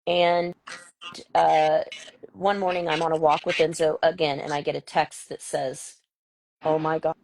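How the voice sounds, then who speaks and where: A woman hosting a casual live chat, telling an animated story about her son and acting out the voices of the people in it. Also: sits low, unhurried, vocal fry, a little hiss or hum, poor audio. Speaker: host.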